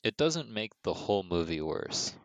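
A man's voice: lowish voice, very animated, normal speed, a crowd in the background, low-quality recording. A young man co-hosting a podcast in casual chat, laid-back, often answering in short agreeing remarks. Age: young adult. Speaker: podcast co-host.

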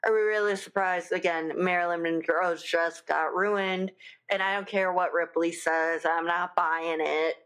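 A woman's voice: on the low side, fairly even intonation, a little slow, a bit bright, smooth. A young adult woman hosting a podcast in casual, gossipy chat, with many fillers. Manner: chatty, gossipy, lots of fillers. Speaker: podcast host.

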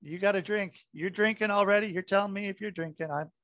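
A man's voice: high voice, quick pace, fairly bright tone, dry recording, dull audio. A man hosting a podcast, chatting in an easygoing, laid-back way and often repeating himself. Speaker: podcast host. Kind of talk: casual podcast chat.

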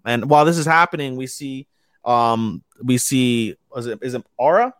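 A man's voice: medium pitch, fairly quick, dry recording, clean studio sound. A man co-hosting a podcast in casual chat, rambling and swearing as he recaps an episode and hunts for names. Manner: rambling, profane, loses names mid-sentence. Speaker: podcast co-host.

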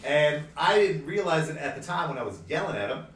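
A man telling a story in an animated way in casual chat with friends, laughing often. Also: a little high, a little fast, far from the mic. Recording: echoey room away from the mic, with chatter.

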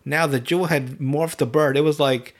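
A man casually recapping an anime on a podcast, swearing often and slipping into quick voices for the characters. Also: a little high. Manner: profane, animated retelling with quick voiced asides. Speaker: podcast host.

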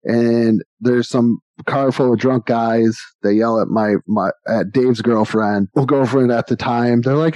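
A man's voice: mid-range voice, unhurried, hardly any pauses, darkish tone, no echo. A man in his forties on a podcast, telling rambling stories with frequent laughs. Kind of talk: casual storytelling. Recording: dull lo-fi dry recording.

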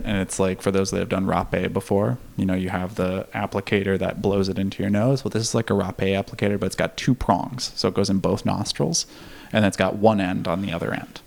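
A man's voice: low-pitched, gravelly, a little mellow. A man telling a candid personal story in casual conversation, laughing now and then and swearing freely. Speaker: podcast guest.

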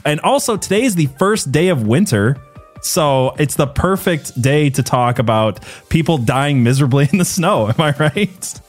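A man's voice: fairly high pitch, expressive, normal speed, faint music behind. Chatty, jokey man hosting a podcast. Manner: jokey, chatty, laughs often. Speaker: podcast host. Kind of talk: casual podcast chat.

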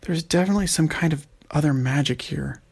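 A man voicing a calm, offhand young boy. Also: a little high, fairly quick, gravelly, breathy edge.

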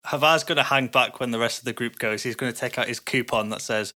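A man speaks casually and jokingly as a player in a tabletop game. His voice is bright and forceful, and he talks in an easy, offhand way. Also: mid-range voice, quick pace.

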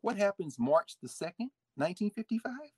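A man giving a lively history lecture with folksy asides, swinging his volume up and down. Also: sits high, brisk, slightly rough. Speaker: history teacher. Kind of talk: lively history lecture with read-aloud quotes.

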